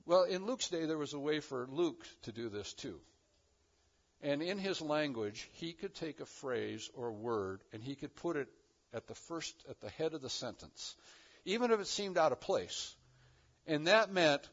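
A pastor delivers a sermon in a fairly high, expressive voice, alternating between loud, emphatic lines and quieter, hushed ones. He takes his time, and the recording sounds muffled.

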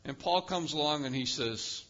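Male pastor preaching, punchy and emphatic, big loud highs and quiet lows, kinda muffled lo-fi sound. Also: normal speed. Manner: emphatic, animated preaching with sudden rises and quiet drops. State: lives with chronic pain. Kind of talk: sermon.

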